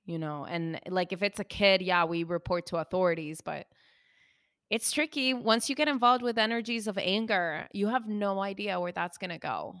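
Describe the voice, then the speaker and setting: A woman's voice: mid-range voice, normal speed, a bit bright, dry recording, studio quality. A woman co-hosting a podcast, speaking earnestly and reflectively about healing in casual chat. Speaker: podcast co-host, healer.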